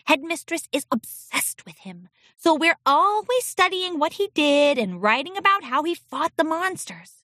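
A woman voicing a timid, sleepy little filly schoolgirl in a squeaky, earnest voice. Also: sing-song, measured pace, pushed and bright, no room sound, clean studio sound, exaggerated voice.

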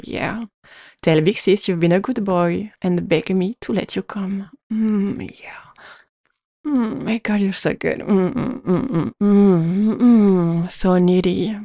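A young woman speaks slowly and closely into the mic, her voice warm and mellow. She performs a dominant, teasing adult audio role-play, full of breathy murmurs. The sound is dry and intimate. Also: mid-range voice, no echo.

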